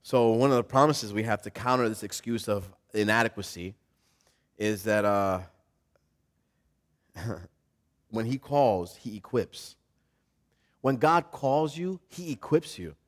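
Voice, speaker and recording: An older man, a grandfather, preaching a sermon in a lively, conversational way that swings between soft, reflective moments and loud, emphatic stretches. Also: lowish voice, a little slow, long pauses. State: emotional and choked up at times. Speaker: pastor.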